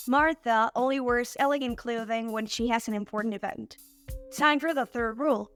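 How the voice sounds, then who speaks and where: A woman hosting an online Spanish lesson, saying example words slowly and clearly for learners. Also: a little high, fairly bright tone, faint music behind. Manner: clear, slow model pronunciation of words. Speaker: Spanish teacher and channel host.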